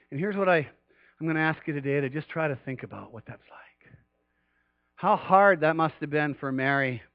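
A male pastor preaches with animated swells, his voice pushing higher and louder to stress a point. His voice sits a little high for a man. The recording is dry and a bit dull, with no room echo. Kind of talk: sermon.

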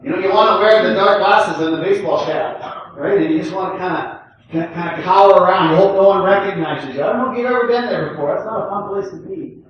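An older man preaching a sermon in a relaxed, conversational way, often checking in with the congregation and chuckling. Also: high voice, fast talker, dull audio, a little hiss or hum. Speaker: pastor. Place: church sanctuary. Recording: echoey room, distant from the mic.

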